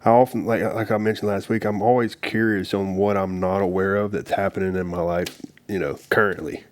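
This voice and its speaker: A man with a fairly low voice chatting on a podcast, pausing and restarting as he thinks aloud. The sound is dry and close, with no room around it. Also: little pitch movement, dry recording. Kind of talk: casual conversation.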